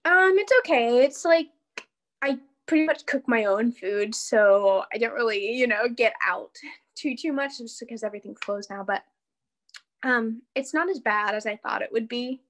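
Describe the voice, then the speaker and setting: Over a video call, a young American dancer gives a casual interview as a guest, her fairly high, slightly bright voice moving at normal speed. She laughs frequently and peppers her talk with "like" and "you know."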